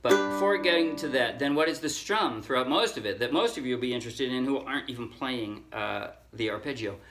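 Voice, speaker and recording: A man teaching a ukulele song in a relaxed, casual way, counting strings aloud and correcting himself as he goes. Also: mid-range voice, fairly quick, over music. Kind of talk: casual tutorial talk. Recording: ukulele playing under the voice.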